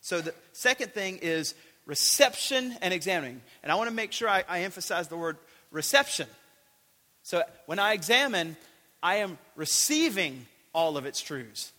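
Male preacher, high bright voice, earnest and emphatic delivery, echoing church hall. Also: animated, moderate pace. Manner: earnest, emphatic, builds with repeated phrases. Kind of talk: sermon.

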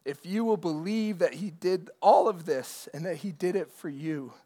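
A male pastor delivers a sermon in an earnest, explaining manner. His voice sits a little higher than most men's. He reads passages of scripture aloud, then unpacks them for the congregation. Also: normal speed, mellow. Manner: earnest preaching with scripture readings, occasional restarts.

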